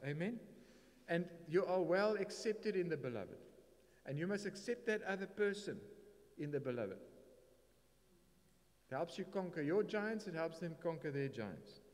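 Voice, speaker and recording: A man with a South African English accent preaching a sermon with emphatic bursts and occasional Afrikaans asides. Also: fairly high pitch. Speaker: pastor. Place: church hall. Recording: reverberant church hall.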